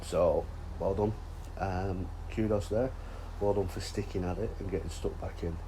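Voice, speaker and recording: A man's voice: sits low, steady tone, normal speed, mellow, a little hiss or hum, poor audio. A man chatting casually outdoors by a fishing lake, with sweary, teasing banter. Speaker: angler and vlog host. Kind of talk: casual chat.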